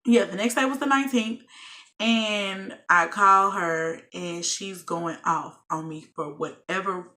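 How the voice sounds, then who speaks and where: A woman's voice: medium pitch, unhurried, bright, forceful tone. A young woman vlogger telling a personal story straight to her viewers, candid and swearing freely. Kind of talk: storytime monologue.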